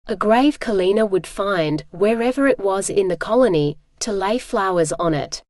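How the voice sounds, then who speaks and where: Audiobook narrator, woman, mid pitch, steady read, dry close sound. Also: normal speed, dry recording. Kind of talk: scripted narration.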